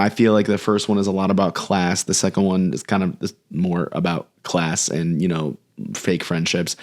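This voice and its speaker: Very deep-voiced man, earnest film talk. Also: a little mellow. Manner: earnest, thoughtful, speaks in full sentences. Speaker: podcast co-host. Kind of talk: casual chat about movies.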